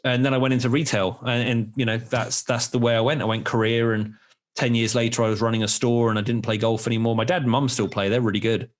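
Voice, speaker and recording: A man's voice: medium pitch, little pitch movement, fast. A man in his forties hosting a podcast, telling candid, rambling stories in casual chat with some swearing. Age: 40s. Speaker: podcast host.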